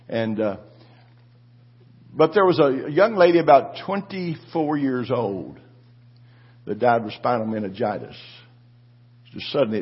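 A pastor in his seventies telling a testimony in a sermon, his voice rising to shouted declarations. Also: mid-range voice, slightly rough, lo-fi sound.

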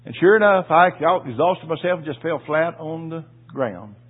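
Guy preaching, folksy and emotional, kinda raspy, sounds like it's on a phone line. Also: a little high, expressive, moderate pace. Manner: folksy, emotional storytelling with crowd asides. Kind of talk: sermon. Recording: tinny phone-like audio.

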